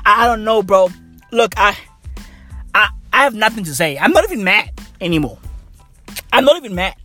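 A man's voice: sits high, sharp tone. A man ranting casually and profanely, rambling and repeating himself. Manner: rambling, repetitive, heavy swearing. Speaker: vlogger.

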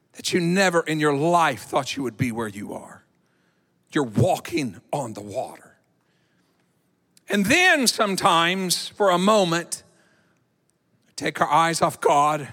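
A man preaching a sermon in an animated, dramatic way. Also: on the high side. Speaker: pastor. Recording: echoey hall.

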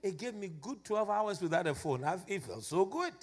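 A man's voice: high-pitched, very animated, moderate pace. A man preaching a sermon to a congregation in a fervent, sing-song cadence. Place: church gathering.

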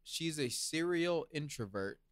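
A man with a bright, tense voice, pitched a little high, jokes with his co-host on a podcast. He cuts in often and speaks emphatically. The recording is dry and close. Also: lively intonation, measured pace, no room sound. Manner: teasing, interjecting, emphatic. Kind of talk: casual chat.

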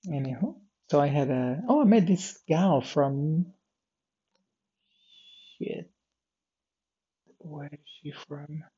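Tired, gravelly man rambling through his day. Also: on the high side, lively intonation, slow, long pauses, dark tone, muffled recording. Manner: meandering, many fillers and restarts, drifts off topic. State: tired and yawning. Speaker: vlogger recording a daily audio diary. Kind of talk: rambling personal diary talk.

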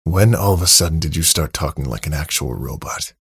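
A man's voice: a bass voice, expressive, fairly quick, heavily acted. A man playing a cold, furious young man. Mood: cold anger. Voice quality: husky, creaky. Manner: cold, intense, clipped. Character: angry young man trapped underground.

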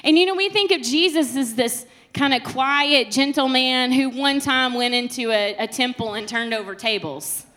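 A woman's voice: high-pitched, moderate pace, few pauses. Passionate woman preaching a sermon. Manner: passionate, swinging between soft and loud.

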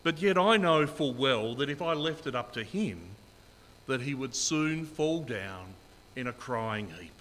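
A man's voice: medium pitch, animated, measured pace, a bit bright, big-room sound, a little hiss or hum. A middle-aged man preaching a sermon as pastor, earnest and emphatic, repeating key phrases.

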